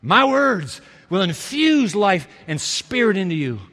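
A man preaching a sermon emphatically, repeating key phrases and swinging from quiet to loud. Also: sits high, sing-song, unhurried. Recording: hall reverb.

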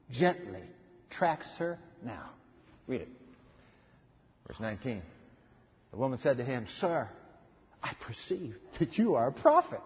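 Male preacher, dramatic storyteller, hushed to emphatic; muffled recording with long hall reverb. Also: on the high side. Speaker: pastor. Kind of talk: sermon.

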